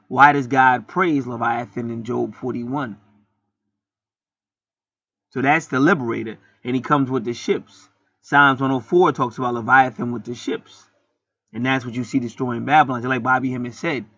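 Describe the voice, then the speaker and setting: A man's voice: mid-range voice, fairly even intonation, normal speed, pushed and bright, no echo. A man hosting a spiritual channel, delivering a blunt, profane, rambling monologue full of restarts. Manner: blunt, preachy, heavy swearing, rambling with restarts. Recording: dull lo-fi dry recording.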